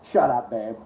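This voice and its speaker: A man's voice: medium pitch, gravelly, mellow, muffled recording, slight background noise. Profane, sarcastic ranting man. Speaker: live-stream host. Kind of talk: ranting live-stream chat. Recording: roomy echo.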